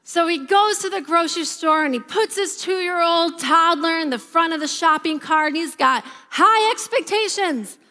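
A woman in her thirties, a pastor giving a sermon and telling stories with a lively, varying pace. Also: sits high. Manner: lively storytelling, varied pace. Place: church auditorium. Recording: reverberant church hall.

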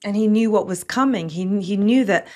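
A woman's voice: medium pitch, a little fast. A woman reading Bible passages aloud in a Bible study and adding brief comments. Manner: steady reading with soft affirming hums. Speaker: scripture reader.

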